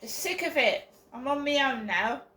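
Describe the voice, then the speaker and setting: Bitter slow-talking woman venting. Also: high-pitched, expressive, pushed and bright, reverberant, slight background noise. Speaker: vlogger. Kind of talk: personal vlog monologue.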